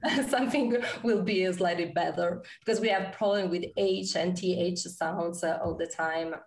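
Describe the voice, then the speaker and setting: Italian-accented woman, gravelly, roomy and distant. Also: on the low side. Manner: halting, laughs often, self-deprecating. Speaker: podcast co-host. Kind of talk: casual chat.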